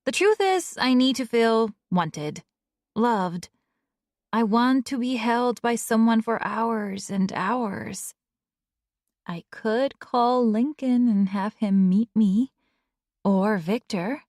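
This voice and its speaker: A woman's voice: fairly high pitch, slow pace, a little mellow, no echo, studio quality. A woman voicing a young influencer reading her journal in a wistful, confiding way.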